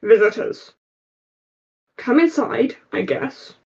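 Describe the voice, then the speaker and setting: A small, grumpy goblin man with glasses, played by a woman, drawling every reply in a sardonic, deadpan way. Her voice sits a little high but moves slowly, and the lo-fi recording dulls it. It comes from a homemade tabletop game session. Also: far from the mic. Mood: grudging.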